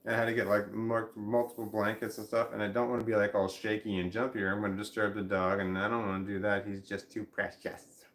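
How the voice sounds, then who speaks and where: A tired, high man rambling casually in a vlog, talking drowsily with a slight slur while lying down at home. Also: level tone, fast talker, few pauses, a bit bright, reverberant. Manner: drowsy, rambling, laughs to himself. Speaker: vlogger.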